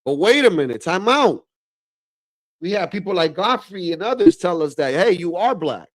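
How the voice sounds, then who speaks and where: A man's voice: high-pitched, moderate pace. A man hosting a livestream, reacting in slangy, casual commentary and calling everyone bro. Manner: slangy, keeps saying bro, animated asides. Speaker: livestream host.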